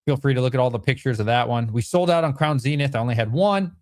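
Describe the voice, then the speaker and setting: A man's voice: mid-range voice, quick pace, dry recording, clean studio sound. A man casually running through card products on a live stream, chatty and rambling, correcting himself as he goes. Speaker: Pokemon card seller streaming.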